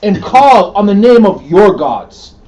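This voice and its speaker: A man reading old-style scripture aloud, plain and steady, for a group Bible study. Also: high voice, unhurried.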